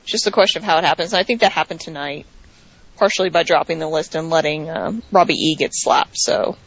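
A woman's voice: sits low, quick pace, a bit bright, slightly rough. A woman co-hosting a podcast, chatting casually with lots of fillers and wry asides. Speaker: podcast co-host. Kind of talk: casual chat. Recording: dry, slightly dull lo-fi sound.

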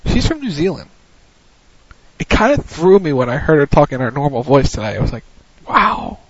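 A man's voice: on the high side, big pitch swings, a little fast, darkish tone, slightly rough, muffled recording. A man hosting a casual podcast, playful and stammering as he talks. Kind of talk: casual chat.

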